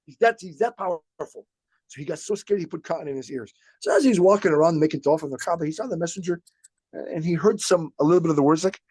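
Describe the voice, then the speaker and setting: A man's voice: fairly high pitch, expressive, quick pace, a little mellow, dry recording. A man hosting a podcast, teaching religious history in a casual storytelling way, acting out quotes and laughing at times. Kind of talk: informal religious lesson.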